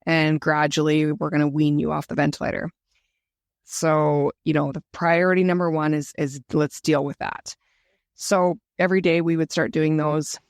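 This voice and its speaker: A woman's voice: low-pitched, little pitch movement, normal speed, no echo, clean studio sound. A woman guest telling her own story in an interview, earnest and reflective. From Canada. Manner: earnest, emotional, reflective retelling.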